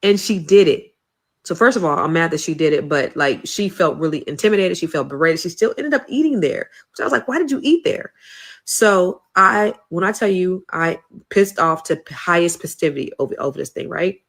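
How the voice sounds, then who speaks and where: A woman's voice: lowish voice, animated, fairly quick, fairly bright tone. Heated middle-aged woman ranting in an echoey room. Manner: heated and emphatic, swearing freely. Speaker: social media commentator. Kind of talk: casual vlog rant. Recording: roomy echo.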